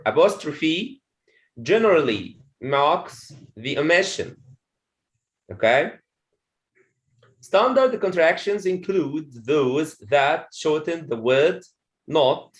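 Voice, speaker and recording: A man's voice: on the high side, fairly bright tone. A man teaching a pronunciation lesson to a classroom of students, repeating phrases and checking understanding with "okay?". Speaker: English teacher.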